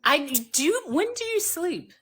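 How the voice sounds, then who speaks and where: A woman hosting a casual live stream, telling a lively story and acting out the voices of the people in it. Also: extremely high pitch, a little slow. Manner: animated storyteller who acts out voices. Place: home by a fireplace.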